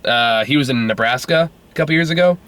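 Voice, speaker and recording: A man's voice: mid-range voice, quick pace, a bit bright, clear, resonant tone. A young man hosting a casual movie review, rambling, laughing often and swearing freely.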